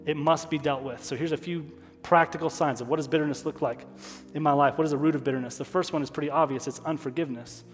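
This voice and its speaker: Male pastor mid-sermon, voice on the higher side, earnest and emotional, repeats lines for weight. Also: fairly even intonation, fast talker, hardly any pauses, faint music behind. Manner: emotional, stops to apologize and regroup; repeats key phrases for emphasis. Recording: long hall reverb.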